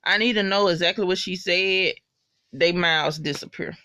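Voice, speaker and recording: A woman giving a casual, slangy, profanity-laced spoken recap of a TV episode, loud and gushing. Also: lowish voice, moderate pace, no echo, clean studio sound.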